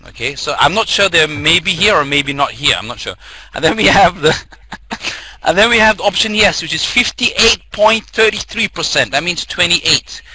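A man moderating a webinar, chatty and quick to laugh, reading out poll results. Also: sits high, lively intonation, a crowd in the background. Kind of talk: casual moderating.

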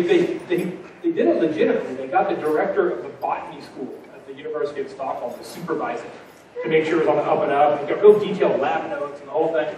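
Hombre enérgico en un salón con mucho eco. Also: male voice, fairly high pitch, very echoey, far from the mic, slight background noise, rough recording. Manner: energetic, punchy, rhetorical questions. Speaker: keynote speaker. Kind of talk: conference keynote. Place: large conference hall.

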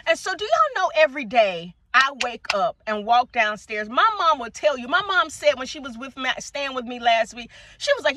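A middle-aged woman, telling her faith testimony to viewers in an animated, preacher-like way and calling them y'all. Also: high-pitched, brisk, few pauses. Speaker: vlogger sharing a faith testimony. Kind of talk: casual testimony talk to viewers. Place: outdoors at sunset.

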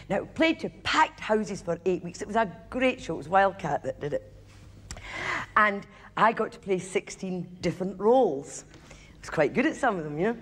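A woman telling comic stories on a theatre stage, chatty and confiding with the audience. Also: medium pitch. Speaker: stage comedian. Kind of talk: stand-up storytelling. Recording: live theatre, audience laughter, band music.

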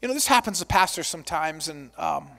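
High-voiced animated male pastor. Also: a little fast. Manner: animated, self-deprecating, acts out quotes loudly. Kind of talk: storytelling sermon.

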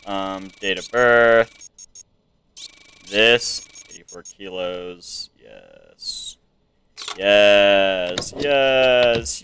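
Slow, bright-voiced American gamer. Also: male voice, fairly low pitch, smooth. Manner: musing, talking to himself. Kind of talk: let's play commentary.

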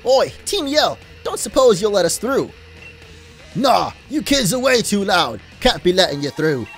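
A man voicing a rowdy young punk gang member in a game, with a put-on mixed British accent and a gruff, scolding manner. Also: high voice, very animated, unhurried, fairly bright tone, faint music behind, heavily acted.

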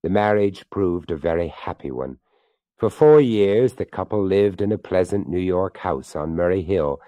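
A man narrating a ghost story in a theatrical reading, slowing and hushing for suspense. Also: sits low, lively intonation, no echo.

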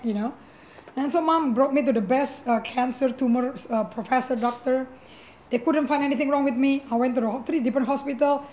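A middle-aged woman pastor with a high voice tells her own story. She speaks animatedly, often restarting her sentences and acting out what others said. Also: fairly quick. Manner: animated, acts out quoted voices, frequent restarts. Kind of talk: personal testimony storytelling.

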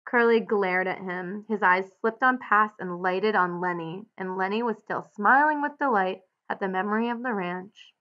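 Woman teacher, read-aloud with clear explanatory annotations, slightly muffled recording. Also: mid-range voice, normal speed, few pauses, sharp tone.

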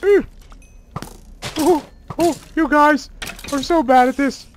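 A gamer giving let's play commentary, excitable and self-mocking, full of exclamations and whining at the game. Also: high-pitched, slow, a little hiss or hum.

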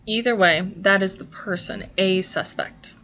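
Woman instructor, clear and methodical, mid-range voice, talking through a lesson. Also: medium pitch, unhurried, pushed and bright. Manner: clear, patient, step-by-step. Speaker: sign language teacher. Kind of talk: instructional explanation.

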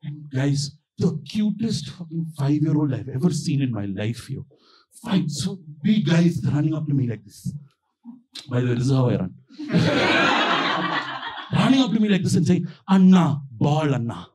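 Performing at a small backyard venue outdoors, a young comedian from India narrates at a moderate pace in a highish voice, animatedly voicing the characters he quotes. The live set is captured on a rough recording.

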